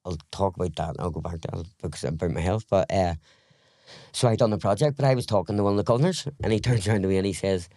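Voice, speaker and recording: A middle-aged Northern Irish man with a very low voice tells his story candidly, rambling and swearing now and then as he acts out past exchanges. The sound is close and dry, with no room around him. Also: fast, warm tone, no room sound. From Northern Ireland. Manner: rambling, frank, swears, retells scenes in dialogue. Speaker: podcast guest.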